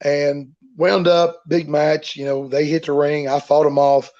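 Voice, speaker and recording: Man, wrestler guest, rambling folksy storyteller, a bit high voice, dull lo-fi audio. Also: level tone, a little slow, darkish tone. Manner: rambling, repeats himself, folksy. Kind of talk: casual storytelling in an interview.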